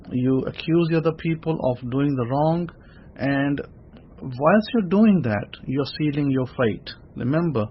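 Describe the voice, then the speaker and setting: A man teaching a Torah study sermon in a conversational preaching style, asking rhetorical questions and repeating words as he builds a point. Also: a little high. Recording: dull lo-fi recording with faint noise.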